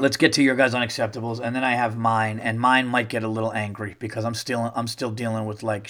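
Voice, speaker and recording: A man hosting a podcast, telling a rambling, profane, animated story in casual talk, his voice worn from getting sick. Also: medium pitch. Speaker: podcast host. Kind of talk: casual comedic storytelling monologue.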